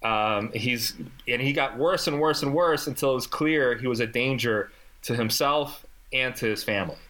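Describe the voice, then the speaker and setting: A man telling a long story in casual chat, animated and sarcastic, acting out the people he quotes. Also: mid-range voice, normal speed. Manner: animated, acts out quoted voices, jokey and sarcastic.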